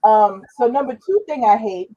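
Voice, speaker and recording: A woman's voice: fairly high pitch, lively intonation, normal speed, phone-quality sound. A woman talking on a panel show in casual conversation, trailing off and restarting now and then.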